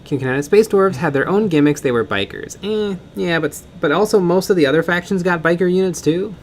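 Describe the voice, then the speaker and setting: A man's voice: sits high, fairly quick, a little hiss or hum. Rambling joking man on a painting stream. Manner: rambling, joking, with fillers and restarts. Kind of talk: casual chat while painting, reading chat comments.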